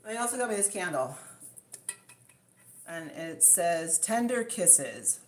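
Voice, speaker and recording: A woman's voice: fairly low pitch, animated, a little slow, slight background noise. Breathless woman chatting on a livestream. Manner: rambling, chatty, reads out viewer comments. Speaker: livestream host. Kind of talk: casual livestream chat.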